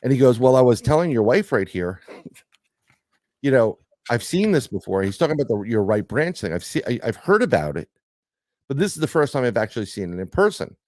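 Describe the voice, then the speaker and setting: A middle-aged man telling a story in casual podcast chat, animated and joking, with some swearing. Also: mid-range voice, a little fast, no room sound. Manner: animated storyteller, swearing, laughing through jokes. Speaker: podcast guest.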